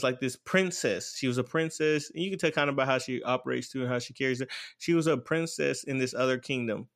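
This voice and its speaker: A man's voice: mid-range voice, a bit bright, smooth. A man casually recapping an anime plot in a rambling way, full of fillers and repeated "blah, blah, blah.". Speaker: anime reviewer.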